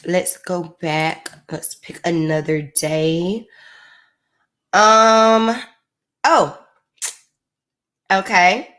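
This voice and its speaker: A woman's voice: lowish voice, steady tone, very slow, long pauses, a bit bright. A woman hosts her own live stream in a playful, chatty way. She speaks in an easygoing register, addressing viewers directly as if they were friends. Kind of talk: casual chat to viewers.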